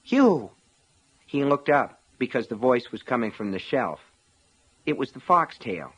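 A man reading a novel aloud in a measured, dramatic narration style. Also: medium pitch, lively intonation, a bit bright, husky, lo-fi sound. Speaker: audiobook narrator. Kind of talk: scripted narration.

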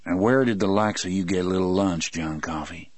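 A man's voice: sits low, fairly quick, dry recording, lightly acted. A man reading a cautious deputy sheriff who questions a suspect in a careful, coaxing way. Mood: coaxing, wary. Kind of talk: audiobook character voice.

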